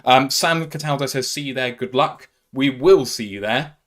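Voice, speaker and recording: A man's voice: medium pitch, normal speed, fairly bright tone. An English man co-hosting a casual podcast, reading out viewer comments and adding brief asides. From England. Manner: reads viewer comments aloud with brief asides, laughs easily.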